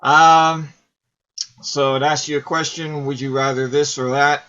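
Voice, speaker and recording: A man's voice: fairly high pitch, level tone, a little slow, bright, forceful tone, lo-fi sound. A man in his forties hosting a casual game video, rambling and self-deprecating as he talks through questions. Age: 40s. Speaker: host. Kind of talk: casual commentary while playing a game.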